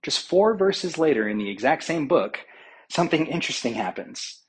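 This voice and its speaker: A man preaching a sermon, retelling scripture as a story, with pauses and fillers as he thinks aloud. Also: a little high, big pitch swings, slight background noise, rough recording.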